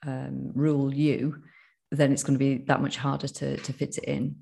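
Northern English speaker for a casual podcast chat: gravelly, mid-pitched, talks in loose runs full of restarts and fillers. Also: monotone, normal speed, darkish tone. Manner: rambling, many restarts and fillers.

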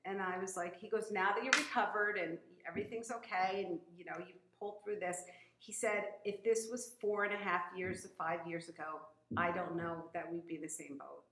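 A woman's voice: on the low side, steady tone, normal speed, pushed and bright, slight background noise. A woman guest in a casual chat, talking in a rambling, emotional way with many fillers and laughs. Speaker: guest, gym member sharing her story. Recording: roomy echo.

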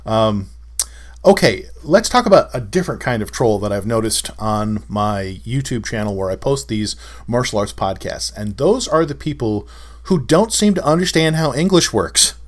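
A man's voice: mid-range voice, expressive, normal speed. A middle-aged man hosting a solo podcast in a casual, wry and exasperated way, often chuckling. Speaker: podcast host.

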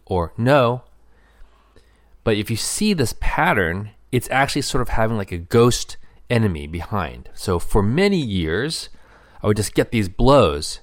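A middle-aged man with a lowish voice talks earnestly about marriage. He thinks aloud, pausing on fillers as he works through his points. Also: sing-song. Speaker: marriage speaker. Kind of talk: reflective personal talk.

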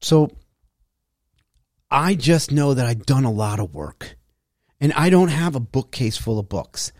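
A man's voice: medium pitch, big pitch swings, measured pace, darkish tone, dry recording, clean studio sound. A middle-aged man hosting a solo podcast, talking in an emphatic, frustrated, preachy way about habits and self-improvement. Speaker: podcast host. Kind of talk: solo motivational monologue.

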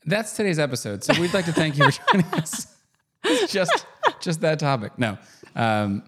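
Husky, lively-voiced joking man. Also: a little high. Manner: joking, laughing often, halting restarts. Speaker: podcast co-host. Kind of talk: casual podcast chat.

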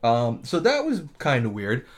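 A man's voice: mid-range voice, wildly swooping pitch, measured pace. A man co-hosting a podcast, telling a story in casual, comedic chat. He laughs often and swears freely. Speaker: podcast co-host.

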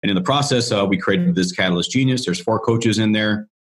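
A man with a lowish, fairly quick voice is interviewed as a business coach. He tells his story loosely and conversationally, frequently starting over and leaning on "you know."

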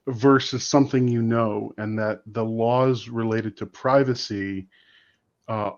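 Chatty host on dull audio. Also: male voice, medium pitch. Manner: reads listener questions, chatty with fillers. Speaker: podcast host. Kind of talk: casual podcast Q&A.

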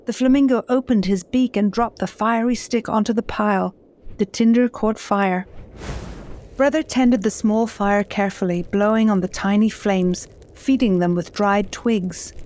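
Measured woman narrating a fairy tale. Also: mid-range voice, fairly even intonation, darkish tone. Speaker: host and storyteller.

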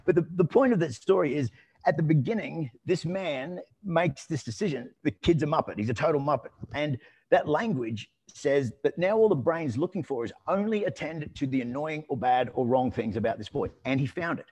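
A man telling a story in a relaxed conversational way, rambling with restarts and fillers. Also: on the high side, moderate pace, slightly rough. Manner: lively and amused when telling anecdotes.

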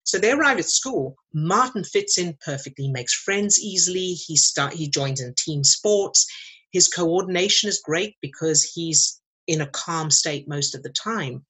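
A woman's voice: low voice, sharp tone, breathy edge, rough recording. A woman, a mindset coach, explaining her ideas through a step-by-step story in a podcast interview. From outside America, British English usage.

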